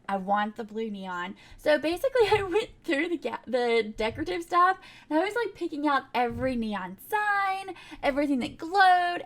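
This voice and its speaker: Chatty high-voiced young woman. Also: fairly bright tone. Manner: chatty and rambling, with frequent laughs and fillers. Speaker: game builder narrating a speedbuild. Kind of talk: casual voiceover chat.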